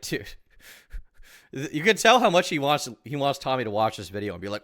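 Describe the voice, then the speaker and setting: A man's voice: mid-range voice, sing-song, brisk, a bit bright. A man streaming live reaction commentary on a video, talking in a sarcastic, crude and mocking way.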